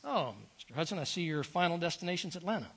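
A man's voice: a little high, animated, fast talker, a bit bright. An older man voicing an impatient male airline ticket agent in a sermon story, insistent and clipped.

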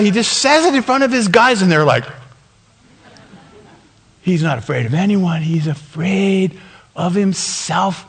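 A man preaching a sermon as pastor, telling a story and acting out the dialogue with laughs along the way. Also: high voice. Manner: animated, acts out dialogue with laughs. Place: church sanctuary.

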